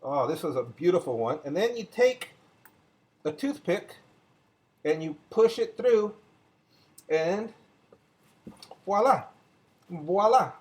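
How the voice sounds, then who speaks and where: This low-quality recording captures a high-voiced older man hosting a relaxed cooking demonstration at home. Chatty and friendly, he talks viewers through every step while he works in his kitchen.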